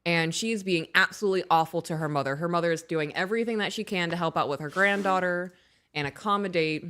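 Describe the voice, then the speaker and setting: A woman in her thirties co-hosting a casual podcast, reading aloud and telling animated stories about her kids. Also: lowish voice, fast. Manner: animated storyteller, acts out her own raised voice. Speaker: podcast co-host.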